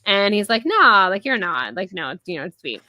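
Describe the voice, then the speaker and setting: A woman's voice: mid-range voice, very animated, fairly quick, sharp tone, no room sound. A woman, co-hosting a podcast and retelling a novel's scenes in a chatty, filler-heavy way, laughing often. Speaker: podcast co-host. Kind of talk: casual book-review chat.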